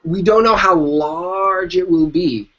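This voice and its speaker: A man's voice: sits high, slow, a bit bright, a little hiss or hum. A man guest in an interview, giving motivational business advice in an emphatic way and repeating his key phrases. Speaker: entrepreneur guest. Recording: dull lo-fi sound.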